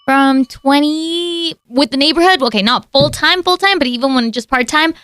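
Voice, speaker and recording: A young woman, a radio co-host, chatting casually with enthusiasm and talking very fast. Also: high voice, fairly bright tone. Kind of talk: casual chat.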